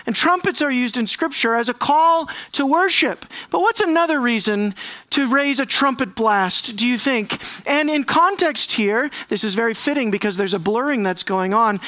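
A man preaching an expository sermon as pastor, conversational, asking the congregation questions and slowing down to stress words. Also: very high-pitched, bright, forceful tone, no room sound. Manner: conversational, asks the congregation questions, slows for emphasis.

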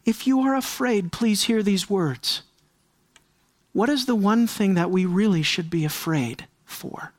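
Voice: unhurried, no room sound. Pastor delivering a dramatic sermon, prodding the congregation with questions; dry, close recording. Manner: dramatic, swings from raised, high emphasis to hushed near-whispers; fires rhetorical questions at the congregation.

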